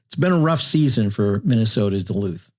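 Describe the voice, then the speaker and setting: Steady man reading off hockey stats. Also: on the low side, brisk. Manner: steady, lists stats methodically. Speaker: podcast host, moderator. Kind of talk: casual sports betting chat. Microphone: remote call mic.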